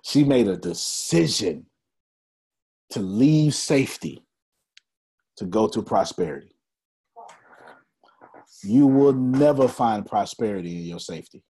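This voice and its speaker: With a husky, lowish voice, a man delivers a motivational talk built around a story. He laughs as he goes, speaking right to his listeners in a lively, animated way.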